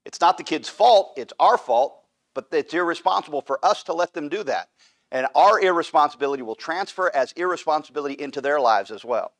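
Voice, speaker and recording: A man's voice: a little high, animated, a little fast. A man teaching an adult Bible class in a church, emphatic and repetitive, often checking in with "right?". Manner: emphatic, repeats points with "right?". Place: church room.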